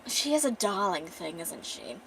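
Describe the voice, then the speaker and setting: A woman's voice: lowish voice, very animated, moderate pace, vocal fry, a little hiss or hum. A woman doing a posh, flirtatious bard. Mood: flirty. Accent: put-on posh English. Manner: flirty, gushing.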